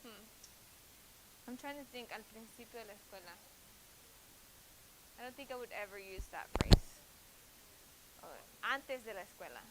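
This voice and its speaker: A young woman teaching a Spanish class, drilling vocabulary and making quick asides to her students. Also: a little high, animated, very noisy.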